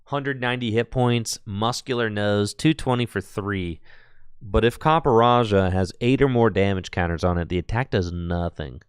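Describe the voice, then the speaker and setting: Male stream commentator, chatty and joking, clear smooth voice with no room sound. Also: lowish voice, moderate pace, no room sound, clean studio sound. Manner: chatty and playful, laughs often, answers chat. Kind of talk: casual live-stream commentary.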